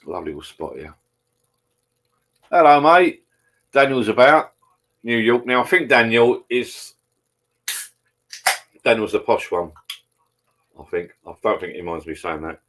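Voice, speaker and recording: A man's voice: mid-range voice, animated, unhurried, long pauses, fairly bright tone. A man hosting a live stream, chatting casually and rambling over beers, swearing freely as he talks to viewers.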